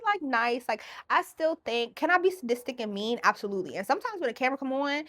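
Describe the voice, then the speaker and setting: A woman hosting her own podcast in a casual solo monologue, animated and profane, often acting out other voices. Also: sits high, fast, few pauses. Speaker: podcast host.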